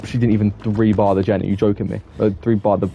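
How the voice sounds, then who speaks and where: A young man streaming a game, chatting loosely with his viewers and getting quickly exasperated at teammates, with many restarts. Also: on the low side, flat delivery, creaky, warm tone, muffled recording, a little hiss or hum. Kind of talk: casual live-stream chat while gaming.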